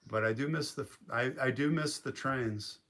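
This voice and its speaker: A man hosting a casual live stream from a quiet home in the woods, rambling and reading viewer comments aloud. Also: medium pitch, normal speed. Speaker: livestream host.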